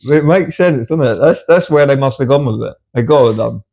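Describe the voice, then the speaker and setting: Man, mid-pitched, easygoing, slangy, jokey. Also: brisk, vocal fry, a little mellow. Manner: laid-back, jokey, uses slang. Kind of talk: casual podcast chat.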